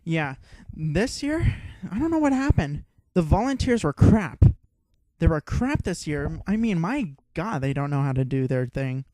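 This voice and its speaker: A young man co-hosting a podcast, telling a story in casual chat, excitable and swearing freely. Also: on the high side, unhurried, no room sound. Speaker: podcast co-host.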